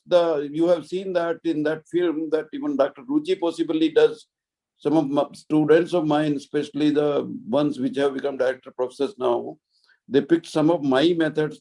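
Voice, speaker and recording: An older man with a somewhat raised yet mellow voice shares his views in an online panel. His phrases break off and restart often, and he gropes for words as he talks. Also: a little high, vocal fry, poor audio. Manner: halting, broken phrasing with many restarts. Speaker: senior surgeon and teacher. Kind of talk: remarks in an online panel discussion.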